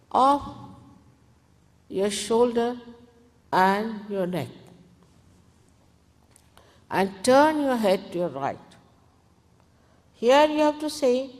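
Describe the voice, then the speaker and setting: Woman teacher slowly leading a meditation, lilting voice, calm and firm, echoey old hall tape. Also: a little high. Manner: calm, deliberate, gently commanding. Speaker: spiritual teacher. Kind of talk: guided meditation instruction. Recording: archival talk in a reverberant hall.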